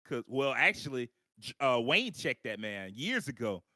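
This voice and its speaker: A man co-hosting a live show, chatting casually in long animated runs full of "like" and acted-out quotes. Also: mid-range voice, moderate pace, no echo, studio quality. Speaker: podcast co-host. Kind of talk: casual live-stream chat.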